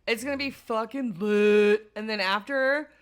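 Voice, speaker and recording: A woman's voice: on the high side, unhurried, a little hiss or hum. A young woman co-hosting a casual podcast, laughing often and swearing freely as she chats with her boyfriend. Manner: giggly, animated, swears freely. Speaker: podcast co-host. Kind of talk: casual chat.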